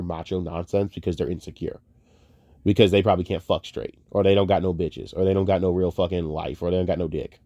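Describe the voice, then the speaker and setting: A young man ranting casually about movies, profane and heated, wandering off on tangents and swinging between muttering and loud outbursts. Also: deep voice, no room sound, studio quality. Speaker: online commentator.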